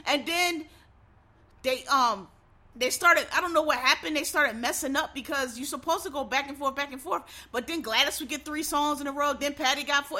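A woman's voice: high voice, lively intonation, normal speed, pushed and bright. A woman in a casual, exasperated rant, full of swearing and rhetorical questions.

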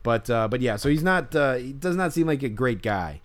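Brief: casual male host, rambling storyteller, mid-pitched. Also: animated, moderate pace. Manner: rambling, many fillers and restarts. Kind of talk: casual chat.

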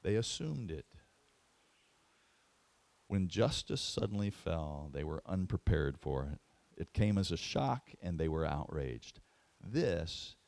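Animated storytelling male preacher. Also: sits low, creaky, dry recording. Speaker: pastor. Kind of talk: sermon.

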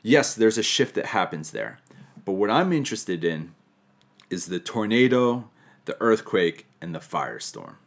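Deep-voiced male preacher. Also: very animated, measured pace, creaky. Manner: reflective, lightly humorous teaching. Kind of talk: sermon on scripture.

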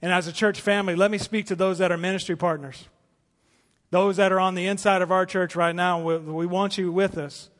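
Male pastor, high register, passionate sermon delivery with soft asides; long hall reverb. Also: flat delivery, fairly quick. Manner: impassioned preaching, rising to emphatic peaks and dropping to soft pleas. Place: church auditorium.

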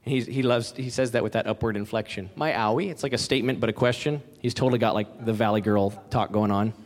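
A man's voice: lowish voice, steady tone, fast talker, long reverb tail. A man in his thirties preaching a sermon, earnest and emphatic, repeating his key phrases. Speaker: pastor.

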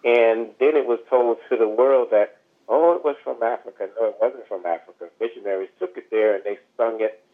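A man's voice: medium pitch, brisk. A man, an author telling a long, rambling story as a podcast guest, full of asides and fillers. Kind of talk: storytelling interview over the phone. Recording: tinny phone line.

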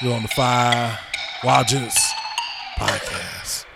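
A man's voice: mid-range voice, fairly even intonation, slow pace, creaky, loud music behind the voice. A man co-hosting a podcast in casual chat, talking in slangy, laid-back banter full of fillers. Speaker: podcast co-host.

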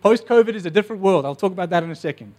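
A male preacher, his voice sitting high for a man. He tells stories with animated energy and throws himself into the voices of the people in them. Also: very fast. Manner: animated storytelling, acting out voices. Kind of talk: sermon.

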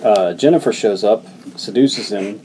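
A man's voice: on the low side, measured pace, a crowd in the background, poor audio. A man co-hosting a podcast, casually recapping a film's plot with plenty of uhs and likes. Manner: relaxed storytelling, hedges with uh and like. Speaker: podcast co-host recapping the film.

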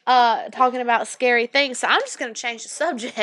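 A woman's voice: fairly high pitch, moderate pace, crowd noise. A young adult woman chatting casually, telling a long rambling story and acting out the people in it. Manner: rambling storyteller, acts out quoted people, says "anyway" often. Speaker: podcast co-host. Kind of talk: casual chat.

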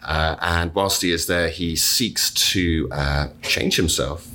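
British teacher guy, super deep but crisp voice, lots of uhs, little bit of hiss. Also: slow, bright, forceful tone. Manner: thoughtful, hesitant with many fillers. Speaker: literature teacher. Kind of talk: conversational interview.

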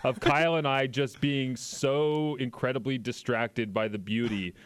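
A middle-aged man with a Canadian accent co-hosting a sports talk radio show. He rambles through stories with easy, frequent laughter, in a voice of ordinary middle pitch. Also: steady tone, unhurried. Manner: laughs a lot, rambling storyteller. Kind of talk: casual radio banter. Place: radio studio.

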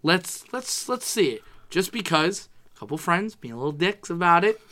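A man in his twenties telling a sports story in casual chat, animated and profane, often quoting himself. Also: high-pitched, moderate pace.

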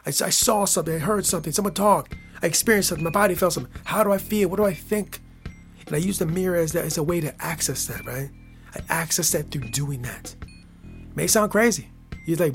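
A man from Michigan with a Michigan accent, hosting a podcast in a playful casual monologue, laughing often and dropping from loud hype to near whispers. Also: fairly high pitch, fast, soft background music. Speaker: podcast host.

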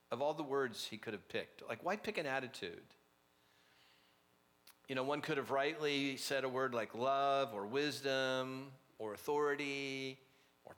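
A man preaches in a loose, chatty sermon style, weaving in stories and asides. His voice sits at an ordinary pitch and carries a long hall reverb. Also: fairly bright tone. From Orange County, California. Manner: conversational, anecdotal, with frequent asides and restarts. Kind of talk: sermon with storytelling.

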